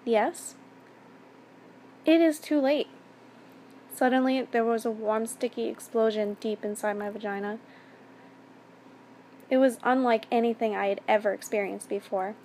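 A woman reading a first-person story aloud in a steady, even narration. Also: on the high side, normal speed, slight background noise.

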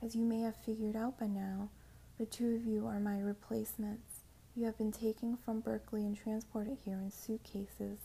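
A woman voicing a shaken young woman who reads a message quickly and unsteadily, in a whispered role-play. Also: on the high side, little pitch movement, creaky, dark tone, slightly rough. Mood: hurried. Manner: hurried, shaky, whispered like reading a script.

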